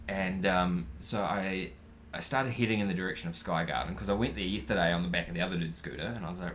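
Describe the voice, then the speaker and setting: Low-voiced New man telling a story. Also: fast, a little hiss or hum. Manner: rambling, profane, animated. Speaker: vlogger. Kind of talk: casual storytelling.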